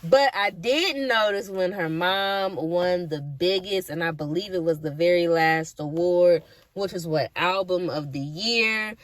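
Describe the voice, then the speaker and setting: A woman's voice: medium pitch, no echo. A woman chatting casually in a reaction video, candid and profane, with lots of slang and asides. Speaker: vlogger reacting to an awards show.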